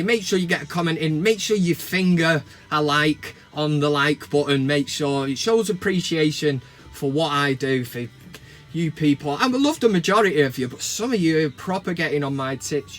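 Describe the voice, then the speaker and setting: A middle-aged man from England with a Mancunian accent, ranting and joking to camera from his van, bursting into mock shouts. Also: on the high side, animated, normal speed, soft background music. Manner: swears and mock-shouts in outbursts. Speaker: vlogger. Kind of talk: casual comedic rant to camera. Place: parked van cab.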